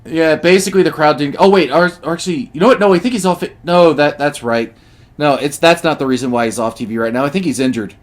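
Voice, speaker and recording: A man's voice: fairly high pitch, lively intonation, fast talker. Hesitant man co-hosting a podcast. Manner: hesitant, many restarts. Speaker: podcast co-host. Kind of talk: casual wrestling chat.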